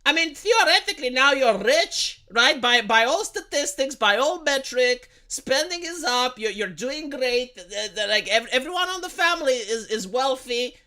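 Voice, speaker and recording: A man ranting on a live stream in a bright, sharp voice that swings widely in pitch. He swears freely and stumbles over repeated words. He keeps throwing rhetorical questions at his audience. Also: lively intonation, normal speed, few pauses. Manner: profane, heated, stammers and repeats words; argumentative, asks rhetorical questions. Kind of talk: casual political rant on a live stream.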